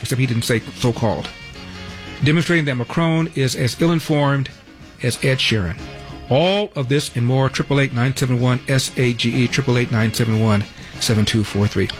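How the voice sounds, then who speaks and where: A man hosting a talk radio show, delivering news headlines with wry, sardonic asides. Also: on the high side. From Los Angeles.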